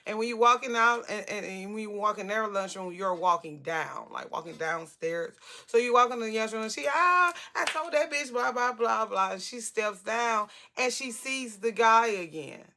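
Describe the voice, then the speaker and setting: Gravelly, animated woman telling a story. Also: mid-range voice. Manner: animated, talkative, blunt and salty. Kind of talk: casual storytime vlog.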